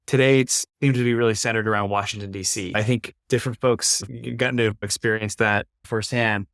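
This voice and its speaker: A man's voice: fairly low pitch, steady tone, a little fast, a bit bright, clean tone, no room sound, clean studio sound. A man in his thirties, an earnest and reflective podcast guest talking casually, often saying "like.". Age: 30s. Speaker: podcast guest, climate investor. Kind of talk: casual conversation.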